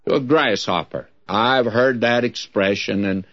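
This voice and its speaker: A man teaching through a Bible epistle in an emphatic, lively preaching cadence. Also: fairly low pitch, a little slow. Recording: dull lo-fi broadcast recording.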